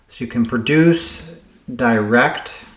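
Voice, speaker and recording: A man thinking aloud as he solves word puzzles, halting and correcting himself as he goes. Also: medium pitch, fairly bright tone, reverberant. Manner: muttering, halting, self-correcting. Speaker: puzzle game vlogger.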